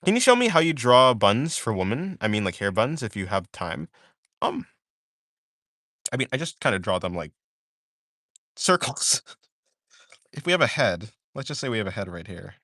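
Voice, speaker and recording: A man's voice: lowish voice, big pitch swings, normal speed, long pauses, fairly bright tone, dry recording, clean studio sound. A young man chatting casually on a live art stream while he draws, rambling and drowsy, often trailing off into mumbles.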